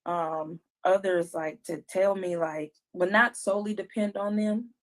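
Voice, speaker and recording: A woman's voice: medium pitch, a little slow. Candid casual woman co-host. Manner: candid, animated, acts out her own self-talk. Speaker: podcast co-host. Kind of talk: casual chat.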